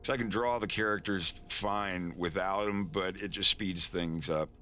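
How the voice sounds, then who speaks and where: A man's voice: sits low, fairly even intonation, moderate pace, sharp tone, a little hiss or hum. A man casually chatting on a live stream while he animates, rambling with stammered restarts and frequent chuckles. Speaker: animator streaming his work.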